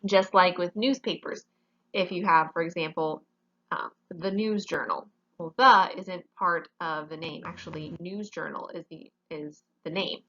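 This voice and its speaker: Woman, teacher, patient step-by-step explaining, somewhat low voice, muffled lo-fi recording. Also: unhurried, pushed and bright. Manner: patient, explains step by step, often checks in with "okay?". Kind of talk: classroom grammar lesson.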